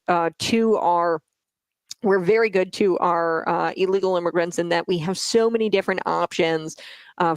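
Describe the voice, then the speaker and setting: A woman's voice: mid-range voice, no echo. A woman hosting political news commentary, emphatic and mocking, who laughs scornfully and keeps asking "okay?" to press her points.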